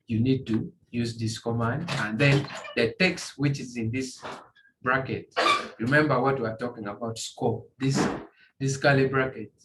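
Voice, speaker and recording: A man teaching a beginner's coding tutorial, walking through screen examples in a halting way, often repeating and restarting phrases. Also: medium pitch, steady tone. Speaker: tutorial instructor. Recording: echoey room, faint ambient noise.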